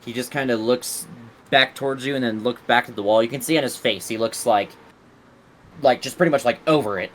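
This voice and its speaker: A man's voice: mid-range voice, fairly quick, a little hiss or hum, poor audio. A man running a tabletop game as game master, describing scenes casually with many fillers.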